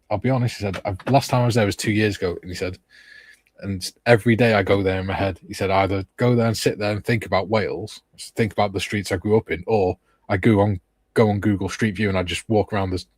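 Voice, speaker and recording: A man's voice: on the low side, fairly even intonation, quick pace, darkish tone, breathy edge, dry recording. A man hosting a live chat stream, easygoing and casually reading out viewers' comments. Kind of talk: casual chat while painting models.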